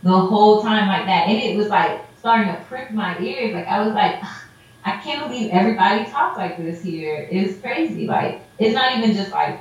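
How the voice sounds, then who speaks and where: A woman's voice: mid-range voice, normal speed. Casual woman storyteller, mimics people mid-anecdote; echoey, dull recording. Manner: animated storyteller, acts out quotes, heavy "like" filler. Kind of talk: casual chat. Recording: roomy echo, dull lo-fi sound.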